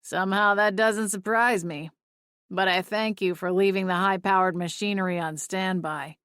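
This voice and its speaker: A woman voicing an earnest, apologetic young man with a gentle, sheepish manner, in a dry audiobook reading. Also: medium pitch, steady tone, normal speed, clear, resonant tone, no echo, lightly acted.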